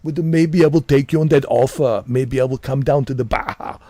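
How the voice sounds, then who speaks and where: A man doing an impression of a muscle-bound former governor with a thick Austrian accent, talking in halting, boastful bursts. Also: mid-range voice, warm tone, dry recording, lightly acted. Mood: defensive.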